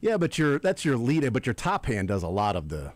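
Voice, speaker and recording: A man's voice: medium pitch, wildly swooping pitch, a little fast, no echo. A man co-hosting a sports radio show, teasing his co-host with mock challenges in casual banter. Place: radio studio. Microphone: studio microphone.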